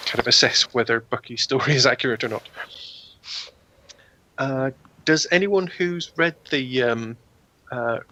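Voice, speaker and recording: A man running a tabletop game as game master, speaking hesitantly with many pauses over a voice call. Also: mid-range voice, vocal fry, bright, forceful tone, no echo, poor audio. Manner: hesitant, full of fillers.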